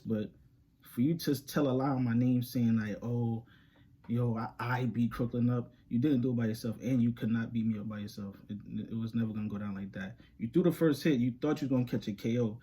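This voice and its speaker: Young New guy, husky mid-pitched voice, animated slangy storyteller for a vlog. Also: fairly quick. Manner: animated, laughs often, slangy street talk. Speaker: reaction channel host. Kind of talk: casual storytelling to camera.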